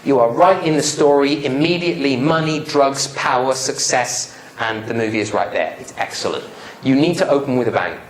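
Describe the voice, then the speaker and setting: A male presenter teaches public speaking to a seated crowd, mixing jokes with direct questions to them. His mid-pitched voice rings through a roomy hall. Light background noise sits under the talk. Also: moderate pace. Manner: playful, joking, quizzes the audience. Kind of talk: live presentation to an audience. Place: lecture room with a live audience.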